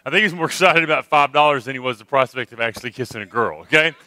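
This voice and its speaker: A man telling a funny camp story to a youth crowd as a former youth minister, animated and tagging his sentences with "okay? all right?". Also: mid-range voice, very fast, dry recording. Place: live youth camp worship service.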